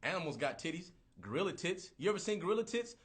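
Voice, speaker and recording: A man's voice: high-pitched, very animated, quick pace, fairly bright tone. Profane rambling man on a livestream. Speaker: livestream host. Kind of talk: casual livestream rant.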